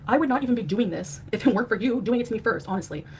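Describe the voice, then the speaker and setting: A woman's voice: on the high side, animated, very fast, a little hiss or hum. A woman streamer in a heated livestream rant, angry and scornful, trading insults. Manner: angry, name-calling, scornful.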